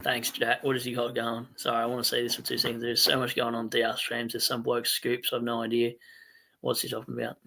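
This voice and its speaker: Bright-voiced Australian man chatting on stream. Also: medium pitch, monotone, vocal fry. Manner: rambling, chatty, quick to laugh at himself. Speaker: fantasy football stream host. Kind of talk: casual late-night livestream chat, reading viewer comments.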